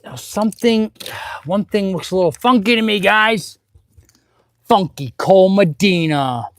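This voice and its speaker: Excitable middle-aged mechanic, very animated. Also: male voice, high voice, unhurried, no room sound. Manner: chatty, excitable and rambling, with sudden loud outbursts. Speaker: auto mechanic and channel host. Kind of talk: casual live-stream chat while working. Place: auto repair garage.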